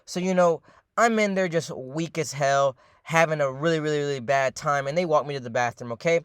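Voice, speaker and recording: A young man rattles off a rambling storytime monologue at a quick clip, his voice sitting a little high for a man. He swears freely, repeats himself and leans on fillers, calling out to his listeners as ladies and gentlemen. The sound is dry and close, with no room around it. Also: clean tone, no room sound. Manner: addresses viewers as ladies and gentlemen.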